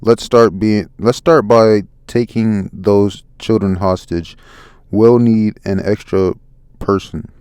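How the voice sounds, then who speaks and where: Cold villain captain, read by a man, slow and menacing, smooth voice, dry mic. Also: fairly low pitch, fairly even intonation, a little mellow, dry recording. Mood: menacing calm.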